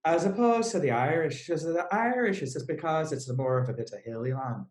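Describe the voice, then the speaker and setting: A man who is a vocal coach and podcast guest, speaking slowly and deliberately in casual conversation, often restarting his sentences. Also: on the high side, animated. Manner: slow and deliberate, with many restarts. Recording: roomy echo.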